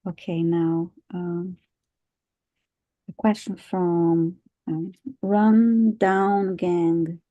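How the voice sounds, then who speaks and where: Slow-speaking woman with a mellow voice. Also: on the low side, steady tone, dull audio. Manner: unhurried, soft-spoken, light laughs. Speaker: psychic reader and co-host. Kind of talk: live-stream casual chat.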